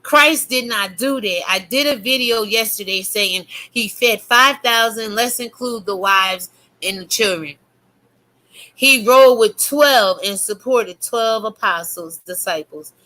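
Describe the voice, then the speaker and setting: A woman's voice: on the high side, unhurried, bright, forceful tone, low-quality recording. A woman YouTuber preaching in a fiery, profane rant to her viewers. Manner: fiery, preachy, heavy cursing. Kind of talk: religious rant to camera.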